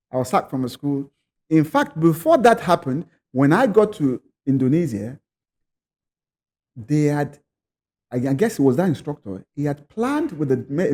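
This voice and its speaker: Animated man telling a story. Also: on the high side, slightly rough. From Nigeria. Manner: lively, acts out quoted voices, repeats words. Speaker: podcast guest.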